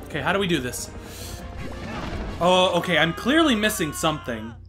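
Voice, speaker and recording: A man hosting a let's play, commenting live on his gameplay with loud exclamations and groans. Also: on the high side, big pitch swings, normal speed, over music.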